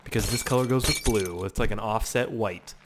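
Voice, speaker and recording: A young man giving excitable, profane let's play commentary, humming little tunes as he plays. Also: fairly low pitch, fairly quick, background noise. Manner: excitable, swears a lot, hums little tunes. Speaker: gaming channel host.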